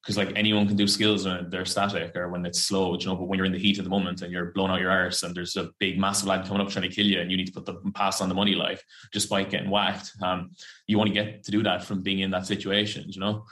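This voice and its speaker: In a casual podcast interview, a young professional rugby player from Ireland talks fast in a low, somewhat bright voice with little pitch movement. He's chatty and rambling, full of fillers and slang, and swears freely with the odd curse thrown in.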